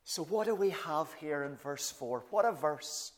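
Pastor guy preaching slow, kinda high voice, goes all hushed sometimes, big echoey church hall. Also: expressive. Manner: slow, deliberate preaching that sinks to soft, hushed phrases. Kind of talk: sermon. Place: church service. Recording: long reverb of a large hall.

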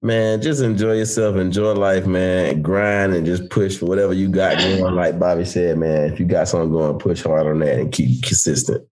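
A man's voice: low voice, fairly even intonation, moderate pace, hardly any pauses, a little mellow. A man co-hosting a casual podcast in an easygoing, drawling way.

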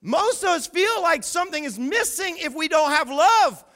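A man preaching as pastor, playful and punchy, slowing down for emphatic repeated lines. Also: very high-pitched, expressive, bright, forceful tone. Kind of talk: sermon.

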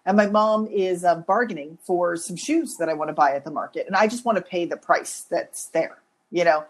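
A woman co-hosts a podcast in a relaxed, conversational way. Her voice has a slightly husky edge. She tells stories with animation and a self-deprecating humor. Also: on the low side, normal speed. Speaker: podcast co-host. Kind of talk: casual conversational storytelling.

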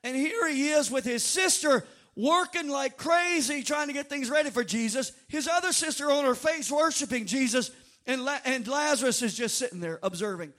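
A male pastor preaches to his congregation in a strikingly high voice. He swings from quiet storytelling to shouted, drawn-out lines that almost become song. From North Louisiana. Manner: dynamic preaching, bursts of shouting and drawn-out sung phrases. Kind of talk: sermon. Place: church sanctuary before a congregation.

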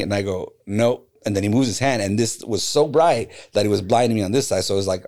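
A man's voice: fairly low pitch, fast. A middle-aged man, a guest on a podcast, telling a personal story in casual conversation and acting out the voices of the people in it. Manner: animated storyteller who acts out quoted voices. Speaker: podcast guest, graffiti artist.

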